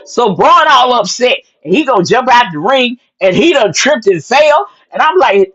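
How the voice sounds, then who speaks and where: Sassy, animated woman recapping wrestling. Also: on the high side, normal speed, few pauses, dull audio. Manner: animated, sassy storytelling with "honey" asides and acted-out quotes. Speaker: wrestling show recap host. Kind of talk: excited casual wrestling recap.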